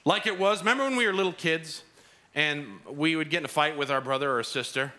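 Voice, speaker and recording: A man preaching a sermon as pastor, telling a parable in an animated, storytelling way in a church. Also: a little high, a little fast. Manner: animated storytelling, acts out characters.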